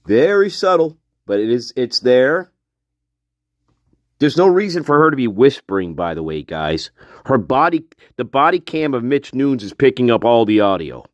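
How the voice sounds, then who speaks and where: A man's voice: mid-range voice, very animated, moderate pace, no echo, highs cut off. A man hosting a casual true-crime commentary video, blunt and mocking, swearing freely and chuckling between remarks.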